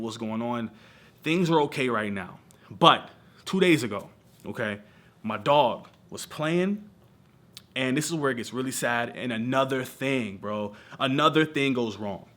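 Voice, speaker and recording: Bright-voiced young man vlogging, animated. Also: mid-range voice. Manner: animated, emotional storytelling with slang like bro and y'all. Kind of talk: casual vlog chat. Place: lives in Southern California.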